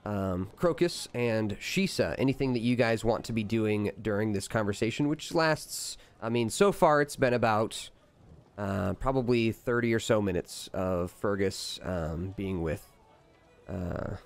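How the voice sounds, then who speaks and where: A man narrating as game master of a tabletop game, relaxed and easygoing, with frequent fillers. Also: fairly low pitch, measured pace.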